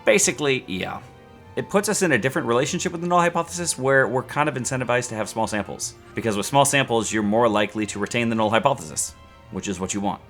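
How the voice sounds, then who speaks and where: Animated, playful male statistics teacher. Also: mid-range voice, fast talker, faint music behind. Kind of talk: scripted educational video.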